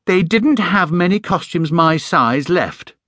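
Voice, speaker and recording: A man's voice: high-pitched, expressive, takes it slowly, sharp tone, no echo, clean studio sound, pitched above the performer's own voice, full character voice. A man voicing a small, polite and earnest young bear in an audiobook.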